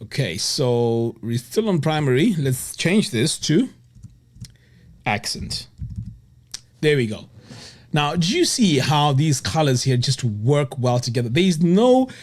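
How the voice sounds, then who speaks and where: Guy doing a web design tutorial, pretty high voice, bouncy and excited, says boom a lot. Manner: enthusiastic, exclaims "boom" and "look at that". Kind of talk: screen-recorded software tutorial.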